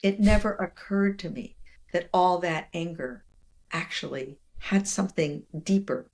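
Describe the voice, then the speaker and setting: An older woman with a low, gravelly voice tells stories in conversation as an interview guest. She is animated and expressive, slipping into the voices of the people she quotes. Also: measured pace. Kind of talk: storytelling in conversation.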